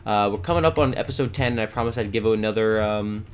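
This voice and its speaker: A man hosting a let's play, chatting casually and excitedly coaxing and yelling at the animals in the game. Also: on the low side, fast, hardly any pauses, clear, resonant tone. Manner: excitable, yells and coaxes at game animals, rambling asides. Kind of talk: casual gameplay commentary.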